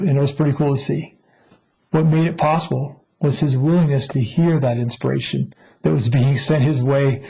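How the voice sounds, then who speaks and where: Husky-voiced man telling a rescue story. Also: mid-range voice, warm tone, low-quality recording. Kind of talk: personal testimony talk.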